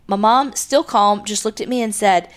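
A woman co-hosting a podcast, reading listener letters aloud in a plain, steady voice and chatting between them. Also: mid-range voice, normal speed. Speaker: podcast co-host.

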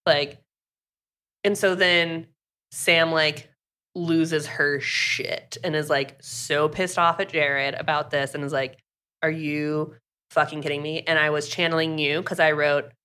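A woman's voice: sits low, fairly even intonation, measured pace, pushed and bright, clear, resonant tone. A woman co-hosting a podcast, chatting casually and acting out characters' lines with lots of "like". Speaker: podcast co-host recapping a book. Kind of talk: casual chat.

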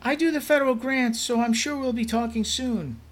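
A man voicing a bubbly, gossipy female coworker who talks in a loud stage whisper. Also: extremely high pitch, moderate pace, voice pushed up. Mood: chirpy.

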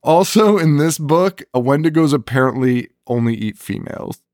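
A man recapping a horror movie in casual podcast chat, animated and profane, laughing often as he retells scenes. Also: fairly high pitch, moderate pace, dry recording, clean studio sound. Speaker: podcast co-host.

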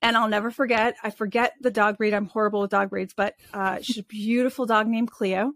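A woman, an animal communicator, telling personal stories in a casual, expressive interview manner with frequent restarts. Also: mid-range voice, fairly quick, dry recording, studio quality.

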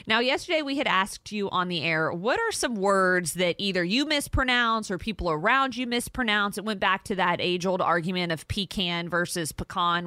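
A woman hosting a morning radio show, chatty and animated with frequent laughs, on a studio mic. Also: fairly low pitch, no echo. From Texas.

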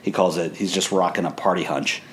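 Male podcast co-host, deep voice, dry humor, light background hiss. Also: brisk. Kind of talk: casual recap chat.

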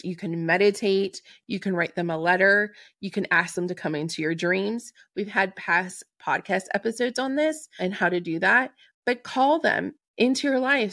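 Woman podcast host, gravelly lowish voice, dry close recording, earnest and soothing. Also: dry recording. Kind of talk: podcast advice monologue.

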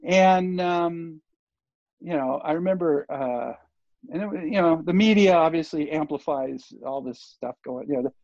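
Older male guest, gravelly and fairly high, rambling anecdote, dull dry lo-fi recording. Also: unhurried, darkish tone, dry recording. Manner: rambling, full of fillers and restarts. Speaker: interview guest, surf TV producer. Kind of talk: casual storytelling interview.

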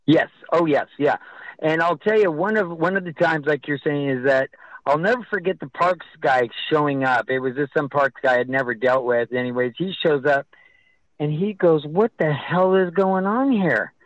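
A man being interviewed on the radio, telling stories in a halting, rambling way with many restarts. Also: a little high, fairly bright tone, no room sound, highs cut off. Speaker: guest, festival organizer.

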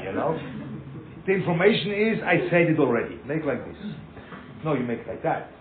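A rabbi teaches in a lively, emphatic way, repeating points and acting out small scenes. His voice sits a bit high. The recording is echoey and thin, with a light hiss behind him. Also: moderate pace, phone-quality sound. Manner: emphatic, repeats himself, acts out little scenes. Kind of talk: animated informal Torah talk.

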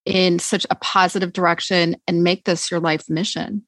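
A woman's voice: fairly low pitch, level tone, normal speed, no echo. A woman hosting an interview, asking curious, engaged questions. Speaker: podcast host. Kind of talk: interview conversation.

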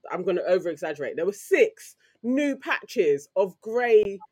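A woman with a London accent, co-hosting a podcast and telling stories in a lively, slangy way. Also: medium pitch, measured pace, husky. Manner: animated, slangy storytelling. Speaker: podcast co-host. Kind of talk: casual chat.

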